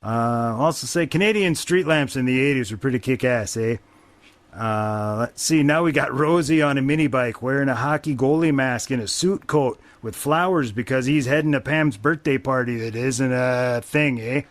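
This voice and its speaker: A man's voice: mid-range voice, normal speed, no room sound. Man, podcast host, casual movie recap, wry and profane, mid-range voice, dry close sound. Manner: profane, wry, rambling with fillers.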